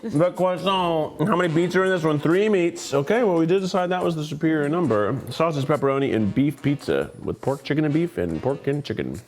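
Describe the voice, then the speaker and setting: A man's voice: on the high side, animated, brisk, darkish tone, faint music behind. A man from Tennessee hosting a food tasting in an office, joking and reacting playfully as he eats. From Tennessee, USA. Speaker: host.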